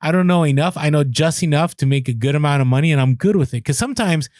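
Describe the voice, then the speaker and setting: A man co-hosting a casual podcast, chatty and quick with asides, often restarting his sentences. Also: on the high side, a little mellow, dry recording, studio quality. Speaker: podcast co-host.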